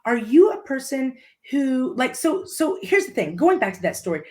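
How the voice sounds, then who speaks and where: A woman's voice: high voice, very animated, moderate pace, darkish tone. A woman from Litchfield, Illinois, a podcast guest telling a motivational story and repeating her key phrases for emphasis.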